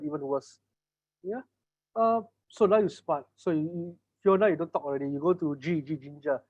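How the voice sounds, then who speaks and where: A man with a Malaysian English accent runs an online business workshop, teasing his students and playing out little sales scenes. His voice sits high for a man. The audio is somewhat dull and lo-fi, like a video call. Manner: lively, teasing, acts out sales dialogues. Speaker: business trainer. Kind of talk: online workshop lecture with role-play.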